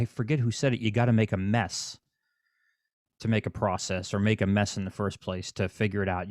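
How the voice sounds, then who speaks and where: A man's voice: fairly low pitch, darkish tone, dry recording, studio quality. A man hosting a casual interview, speaking bluntly and preachily and swearing freely. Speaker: podcast host.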